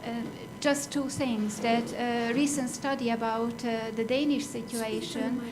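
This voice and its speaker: A woman in a lecture hall audience politely asking a panelist a question, halting with fillers. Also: a little high, fairly even intonation, background noise. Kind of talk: conference Q&A question.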